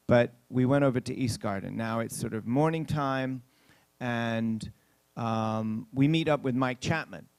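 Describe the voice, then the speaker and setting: This pastor speaks unhurriedly in a mid-range voice with a darkish, clean tone, captured in a dry recording. He tells a sermon story in a chatty way, addressing the congregation directly and acting out what people said.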